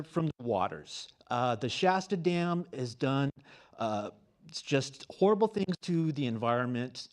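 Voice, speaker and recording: A man in his fifties giving an award acceptance speech on stage, halting and earnest, on the verge of tears. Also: fairly high pitch. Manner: halting, full of fillers, earnest. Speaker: award winner and graduate student. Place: on stage at a campus award show.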